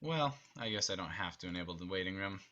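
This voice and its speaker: A man with a bright, forceful voice directs an online rehearsal, talking his cast through where each character stands and moves. He keeps an upbeat, instructive tone over a video call. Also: deep voice, lively intonation, fast talker, highs cut off. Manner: upbeat, instructive, briefly acts out lines. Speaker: theater director.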